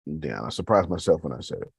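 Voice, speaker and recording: Man, husky low voice, dry close sound, casual motivational monologue, calls the audience y'all. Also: very animated, fast talker, a little mellow, dry recording. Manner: conversational, addresses listeners as y'all, rambling with restarts. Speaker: business owner giving a motivational talk.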